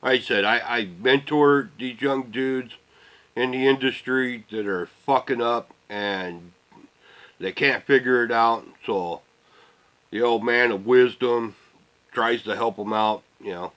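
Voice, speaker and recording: A middle-aged man rants to camera in a loose, rambling way. He curses through almost every sentence and lets his thoughts sink into quiet, low mutters. His voice sits at an ordinary mid-range pitch for a man. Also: slow, rough recording. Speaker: vlogger. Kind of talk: casual rant to camera.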